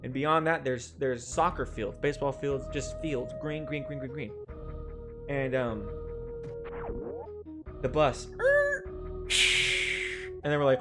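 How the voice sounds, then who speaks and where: A man's voice: medium pitch, steady tone, slow pace, long pauses. A young man streaming a game, rambling and swearing as he tells an old story with laughs mixed in. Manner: rambling, swears freely, laughs through stories. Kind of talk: casual storytelling while gaming. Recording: game music behind the voice.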